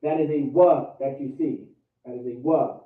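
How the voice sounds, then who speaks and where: In a medium-pitched, steady voice at moderate pace, an American-accented man drills a class on vocabulary and pronunciation over an online call, repeating each word again and again. The recording has the tinny, echoey, distant quality of call audio.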